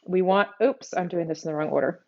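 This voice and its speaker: A woman's voice: on the low side, a little fast, vocal fry, dull audio, slight background noise. A middle-aged woman with a Texas accent hosting a live cooking demonstration from her home kitchen, chatting casually and thinking aloud as she works. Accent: Texan. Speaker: cooking show host.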